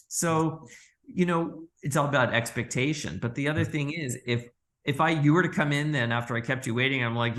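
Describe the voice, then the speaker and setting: A man guest on a podcast interview, telling lively stories and acting out quoted dialogue with frequent laughs. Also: medium pitch, normal speed. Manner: animated storyteller, acts out quoted dialogue, laughs often. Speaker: orthodontist guest.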